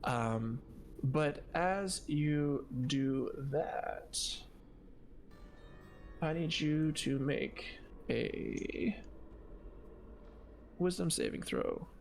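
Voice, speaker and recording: A man running a tabletop game as game master, speaking haltingly with many fillers and restarts. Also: a little high, very animated, gravelly, a little hiss or hum.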